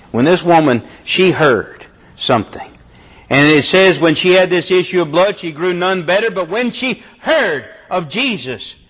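A man preaching a sermon with fervour, his delivery swinging between loud and hushed. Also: fairly high pitch, breathy edge.

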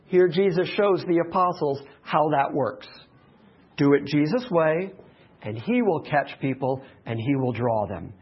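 A man's voice: fairly high pitch, animated, measured pace, slightly rough, highs cut off. A pastor preaching a sermon to his congregation, emphatic and repeating key phrases.

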